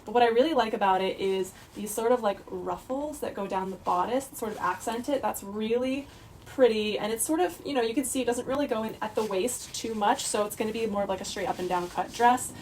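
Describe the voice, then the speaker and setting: A woman's voice: a little high, fast talker, hardly any pauses, a little mellow, slight background noise. A woman, chatting casually and bubbly through a clothing try-on haul, full of "like" and "sort of" fillers. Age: 30s. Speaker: fashion vlogger.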